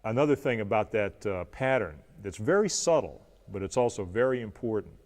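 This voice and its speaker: A man teaching an acoustic blues guitar lesson, talking in a relaxed way while he plays and counts along. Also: lowish voice. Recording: loud guitar under the voice. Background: acoustic guitar playing.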